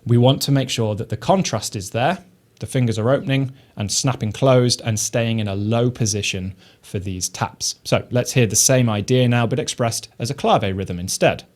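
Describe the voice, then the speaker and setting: A man teaching snare drum technique, explaining each step calmly and methodically. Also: mid-range voice, moderate pace. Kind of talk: instructional explanation.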